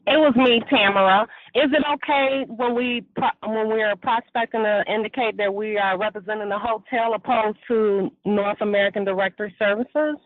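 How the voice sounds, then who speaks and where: A woman's voice: medium pitch, fairly even intonation, moderate pace, hardly any pauses, no room sound. A woman in a sales training session, asking the trainer a question in a hesitant, polite way. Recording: tinny phone line, distant from the mic.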